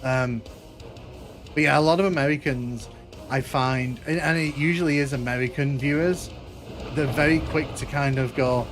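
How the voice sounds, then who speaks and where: A man with a northern English accent, from the area between Manchester and Liverpool, talks casually as he streams a game and answers his viewers. His pitch sits in the middle range. Faint game music plays underneath. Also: fairly even intonation, moderate pace. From northern England. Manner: chatty, reading and answering viewer comments. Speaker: gaming streamer.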